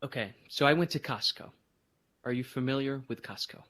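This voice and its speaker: A man co-hosting a podcast, telling a story in casual chat and jumping into high voices for emphasis. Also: fairly quick. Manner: animated storytelling, voices others in bursts of high pitch. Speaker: podcast co-host.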